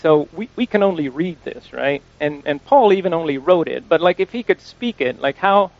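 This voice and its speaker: A man with a fairly high voice preaches an informal sermon, stumbling through restarts and repeated words as he thinks aloud. He slows down to lean on scripture when he quotes it. The recording is dry and a bit dull, with no room sound. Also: lively intonation, gravelly, no echo. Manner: stresses quoted scripture slowly.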